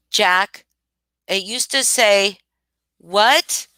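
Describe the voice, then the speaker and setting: A young adult woman hosting a casual livestream, chatting with viewers and reacting in animated disbelief. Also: mid-range voice, slow, no room sound, rough recording. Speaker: livestream host.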